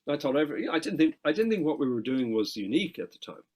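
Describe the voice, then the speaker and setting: Irish male guest, middle-aged, husky voice, animated storyteller who swears freely. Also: fairly high pitch, low-quality recording. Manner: animated anecdotes, quick asides and frequent swearing. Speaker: guest musician. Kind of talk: casual interview storytelling.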